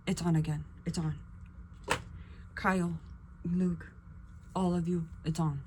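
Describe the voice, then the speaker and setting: A young woman vlogger chatting casually while getting ready, acting out quotes with sudden whispers and high bursts. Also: flat delivery, measured pace, pauses often, darkish tone, a little hiss or hum. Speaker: beauty vlogger.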